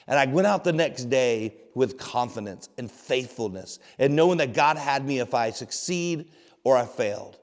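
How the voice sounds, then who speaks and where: A man's voice: medium pitch, lively intonation, normal speed. A man hosting a short devotional, telling a personal story in an earnest, folksy way. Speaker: devotional host. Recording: long hall reverb.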